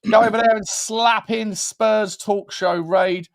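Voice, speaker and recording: Male host, high and gravelly voice, loose jokey banter. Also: steady tone, measured pace. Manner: laughing, banter-heavy, swears casually. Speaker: podcast host. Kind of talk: casual fan phone-in chat.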